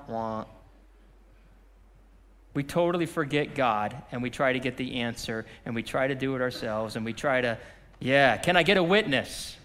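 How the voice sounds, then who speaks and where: A man preaching a sermon as pastor, swinging from impassioned shouting to a hushed closing prayer. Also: a little high, big-room sound. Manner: impassioned, shouting repeated phrases, then dropping to a quiet prayer.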